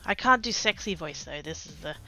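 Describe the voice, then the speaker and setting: Woman, casual livestream chat, self-mocking, animated pitch. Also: fairly quick, soft background music. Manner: chatty, self-mocking, talks to chat while tidying. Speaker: craft streamer.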